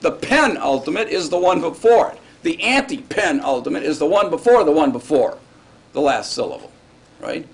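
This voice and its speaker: A man gives a grammar lesson to students in a classroom. His voice sits a little high for a man, and his delivery is casual and conversational. He keeps checking that the class is following. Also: sing-song, moderate pace, vocal fry, husky. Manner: casual, checks in often with "all right?" and "right?". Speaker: Hebrew grammar teacher. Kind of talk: classroom lecture.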